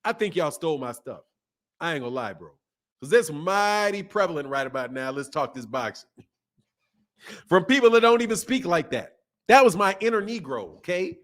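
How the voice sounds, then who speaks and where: A man's voice: sits high, expressive, normal speed, a bit bright. A man in his fifties hosting a boxing channel, talking in loose slangy live-stream chat and laughing often. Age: 50s.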